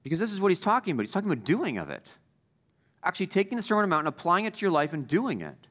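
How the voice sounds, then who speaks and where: Emphatic preacher, man with a high voice. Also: sing-song, rapid-fire. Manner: emphatic, repeats key phrases for stress; swings between loud stresses and quiet asides. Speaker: pastor. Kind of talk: sermon.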